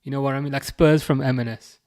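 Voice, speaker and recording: On a live football watchalong stream, an Englishman chats casually, reading viewer messages aloud and teasing them. He's a fast talker with a steady, darkish, mid-range voice.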